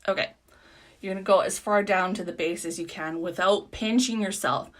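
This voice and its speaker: A woman's voice: mid-range voice, moderate pace. Chatty woman rambling through a makeup tutorial. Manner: chatty, rambling and self-deprecating. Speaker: beauty product consultant. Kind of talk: casual live makeup tutorial.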